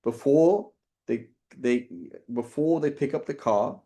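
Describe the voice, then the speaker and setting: A man gives a relaxed lesson on Islamic law at a middle pitch. He talks in a chatty, conversational way, keeps checking in with listeners, and acts out short exchanges to illustrate each rule. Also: unhurried. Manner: conversational, illustrates points with quoted dialogue and rhetorical "right?". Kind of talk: casual lecture with anecdotes.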